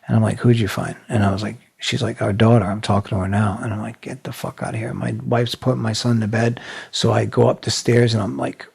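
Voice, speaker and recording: Brief: podcast guest, middle-aged man from New England, low gravelly voice, blunt and emotional storyteller. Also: level tone, brisk, hardly any pauses, darkish tone. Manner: blunt, swears freely, emotional retelling. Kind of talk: candid conversational storytelling.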